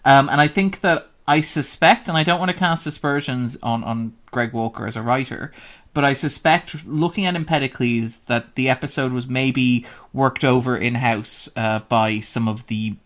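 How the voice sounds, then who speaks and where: A man in a casual podcast discussion, talking through ideas at length in an analytical way. He pads his long sentences with "like" and steady asides. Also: medium pitch, normal speed. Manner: analytical and long-winded, with frequent "like" fillers. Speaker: podcast guest.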